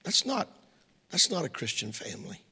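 A man preaching a sermon, folksy and emphatic, swinging between shouts and hushed asides. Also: mid-range voice, wildly swooping pitch, normal speed, breathy edge. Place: church sanctuary. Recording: reverberant hall.

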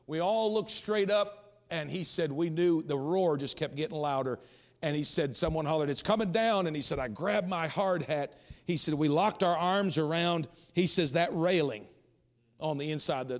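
A man preaching a sermon, retelling a story with rising intensity. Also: high voice. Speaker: pastor.

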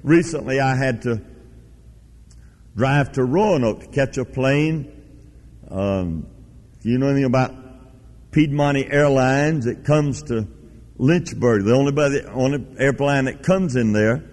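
Folksy preacher in a reverberant hall. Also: male voice, medium pitch, lively intonation, measured pace, pauses often, a little mellow. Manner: storytelling, folksy and emphatic. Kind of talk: sermon. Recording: long reverb of a large hall.

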